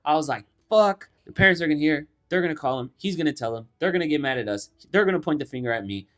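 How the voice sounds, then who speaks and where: A man's voice: on the high side, fast. A young man co-hosts a casual podcast and tells a story with lots of energy. He swears freely and acts out what other people said as he goes. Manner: animated, swears a lot, acts out quotes. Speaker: podcast co-host.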